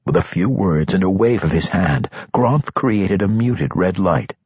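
A man reading a fantasy novel as an audiobook narrator, measured and expressive, in a dull, dry recording. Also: deep voice, breathy edge, no room sound.

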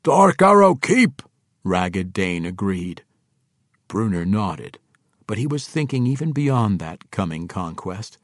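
A man narrating a fantasy audiobook in an expressive storytelling manner on a close microphone. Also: deep voice, slow pace, dry recording. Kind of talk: scripted narration.

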